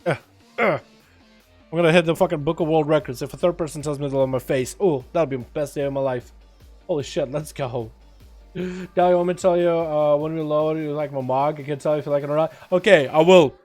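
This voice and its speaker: A man's voice: fairly high pitch, steady tone, fairly quick, a little mellow, soft background music. A man livestreaming a game, chatting loosely with viewers, swearing now and then and hyping up the crowd. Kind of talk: casual gaming livestream chat.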